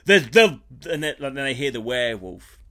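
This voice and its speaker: A man on a podcast, retelling a film in a sweary, animated, rambling way. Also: medium pitch, moderate pace. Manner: animated, sweary storytelling with restarts. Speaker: podcast co-host. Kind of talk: casual comedic chat.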